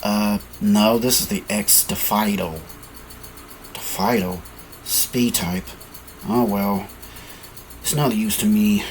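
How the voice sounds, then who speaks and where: A man voicing a cocky male enemy pilot who talks curtly and dismissively, a little lower than his own voice. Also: slow pace, long pauses, slight background noise, rough recording.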